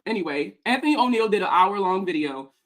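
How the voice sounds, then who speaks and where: A woman's voice: medium pitch, animated, a little fast, a bit bright. Young woman, finance creator, angry profane rant, slightly winded. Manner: heated, profane, emphatic. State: out of breath. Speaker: personal finance content creator. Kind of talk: ranting reaction vlog.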